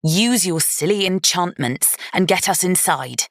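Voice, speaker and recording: Brief: sharp-tongued young bride , voiced by a woman, low and dry, challenging. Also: lively intonation, a little slow, no echo. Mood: defiant. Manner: snappish, challenging. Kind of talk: audiobook character reading.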